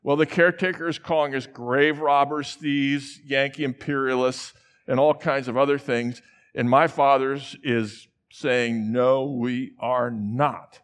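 A man's voice: medium pitch, steady tone, measured pace, a bit bright, clean tone. A middle-aged man from the central United States preaching a sermon in a large church, telling personal stories in a conversational way and acting out the voices he quotes.

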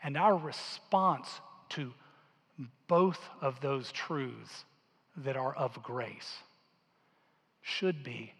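A male pastor telling a story in a sermon with earnest, quiet intensity, dropping his voice low for quoted lines. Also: expressive, takes it slowly, breathy edge. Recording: long hall reverb.

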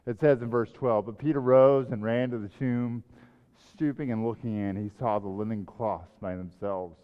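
Male preacher, sermon, swells loud on scripture and drops soft to reflect; muffled sound with a long hall echo. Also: medium pitch, fairly even intonation, moderate pace, smooth. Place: church sanctuary. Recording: echoey hall, dull sound.

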